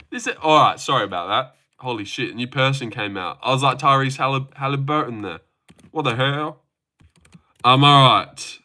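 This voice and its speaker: A man's voice: mid-range voice, expressive, moderate pace, pushed and bright. A man hosting a live stream, reading chat messages aloud and answering with crude jokes and boasts. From Australia.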